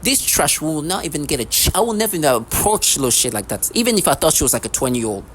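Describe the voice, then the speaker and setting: A man's voice: on the high side, big pitch swings, fast, a bit bright, slight background noise. A man vlogging in a rambling, agitated monologue, repeating himself, restarting sentences and swearing often. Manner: agitated, repetitive, profane, many restarts.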